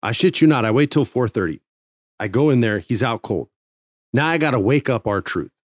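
Animated man telling a story, dry sound. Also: medium pitch, normal speed, dry recording. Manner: animated, swears freely, acts out quotes. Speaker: former wrestling TV writer. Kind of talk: casual storytelling.

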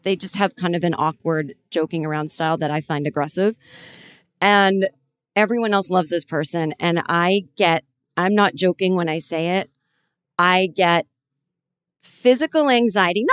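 Podcast host, woman, lowish voice, dry sound, rambles with self-mocking asides on a video call. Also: dry recording. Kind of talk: casual chat.

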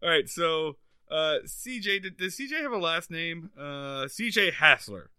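Male podcast co-host, high, sharp voice, jokey casual riffing. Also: lively intonation, clean tone, no echo, studio quality. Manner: joking, riffing, quick asides. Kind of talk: casual comedic chat.

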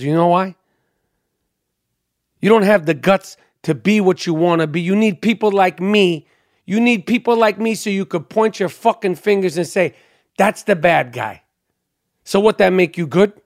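A man putting on a swaggering gangster boss with a mock Cuban accent, who snarls profane boasts at everyone around him. The voice sits fairly high and sneers. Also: moderate pace, long pauses, dry recording, studio quality. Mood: defiant.

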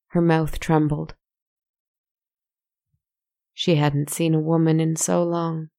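A woman narrating a fable in a hushed storytelling manner, turning aside now and then to address the listener. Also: sits low, little pitch movement, slow, long pauses. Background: faint music.

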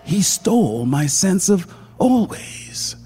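A man voicing a distraught woman in a read-aloud story, speaking with shrill, bitter desperation. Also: big pitch swings, takes it slowly, dark tone, faint music behind, heavily acted. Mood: wistful. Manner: shrill, pleading.

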